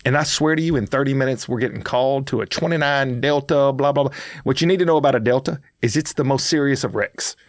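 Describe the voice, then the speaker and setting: A middle-aged man, co-hosting a podcast and telling a story in a casual, animated way that builds to loud outbursts. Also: mid-range voice, quick pace, no room sound, clean studio sound. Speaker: podcast co-host.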